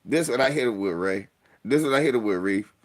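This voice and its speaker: A young man hosting a casual livestream, telling stories with animated delivery and mock voices. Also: mid-range voice, fairly quick. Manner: animated storytelling, puts on voices and mock formal talk. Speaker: streamer host.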